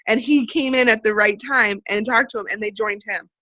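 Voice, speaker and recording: Bright, chatty woman from Illinois. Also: fairly high pitch, steady tone, fairly quick, no echo, rough recording. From central Illinois, USA. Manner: chatty, acts out quoted conversations. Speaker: guest speaker. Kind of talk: motivational sales team call. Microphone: video call.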